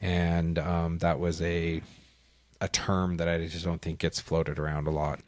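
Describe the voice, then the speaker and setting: A man's voice: low-pitched, little pitch movement, measured pace, darkish tone, no room sound. A man co-hosting a podcast, chatting casually and rambling with many restarts. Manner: rambling, thinks aloud with many likes and restarts. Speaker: podcast co-host. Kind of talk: casual chat.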